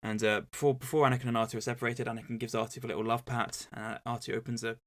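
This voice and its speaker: A man's voice: medium pitch, flat delivery, rapid-fire, a bit bright. A man co-hosting a casual book club podcast, retelling the plot in a rambling, chatty way. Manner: rambling, chatty retelling with many fillers and restarts. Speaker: podcast co-host.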